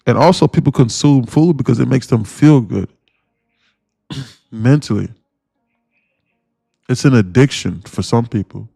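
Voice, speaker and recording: A man in the middle of his usual pitch hosts a trading livestream, casual and slangy. He rambles, loops back on his own phrases and throws out blunt rhetorical questions. The sound is dry and close, with no room around it. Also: measured pace, gravelly, long pauses, mellow, slightly rough, no room sound, soft background music. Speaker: day-trading livestream host.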